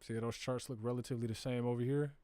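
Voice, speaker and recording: Racing along at a medium pitch, a man with a steady, dark tone speaks in a recording with no echo. His Southern US accent fronts a live crypto stream, where he casually leads viewers through charts and data. He keeps it conversational and direct in a screen-share walkthrough, slipping into slang.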